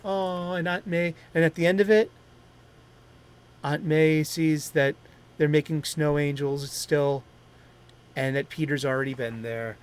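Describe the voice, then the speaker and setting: Talking comics on his stream, the middle-aged Boston man rambles with enthusiasm and keeps catching and fixing his words. His fairly high voice is smooth and fairly even in intonation, unhurried and full of pauses.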